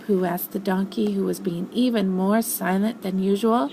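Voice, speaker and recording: An older woman, a grandmother, reading a storybook aloud in an expressive, animated way. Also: mid-range voice, moderate pace, gravelly, few pauses, slight background noise, rough recording.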